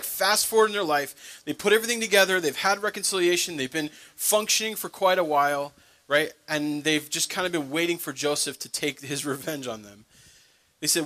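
Bright-voiced man preaching conversationally. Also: fairly high pitch. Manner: conversational preaching, acts out biblical voices with casual asides. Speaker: pastor. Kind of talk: sermon.

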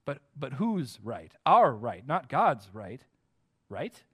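A man's voice: mid-range voice, very animated, takes it slowly, slightly rough, lo-fi sound. An American man preaching a sermon, earnest and emphatic, often putting direct questions to his listeners. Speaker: pastor.

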